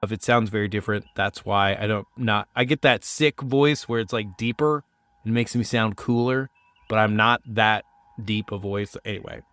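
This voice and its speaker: A man's voice: on the low side, normal speed, a bit bright, dry recording. A man hosting his own podcast in a chatty, self-mocking way, still getting over a sinus cold. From United States. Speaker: podcast host. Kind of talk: casual solo podcast talk.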